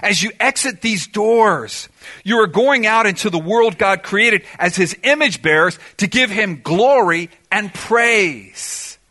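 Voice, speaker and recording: A pastor preaches in an auditorium at a slow pace, his high-sitting voice animated and sharp. He is emphatic, firing rhetorical questions and answering each himself.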